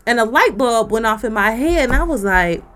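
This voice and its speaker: A woman's voice: a little high, expressive, fairly quick, heavy background noise. A woman, co-hosting a podcast and ranting bluntly with profanity. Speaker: podcast co-host. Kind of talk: casual rant on a podcast.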